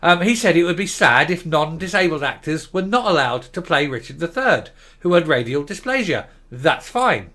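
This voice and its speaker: A man's voice: on the high side, sing-song, moderate pace, hardly any pauses, pushed and bright. An older man hosting an opinion commentary show, talking in a sarcastic, combative and scornful way. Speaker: commentary host.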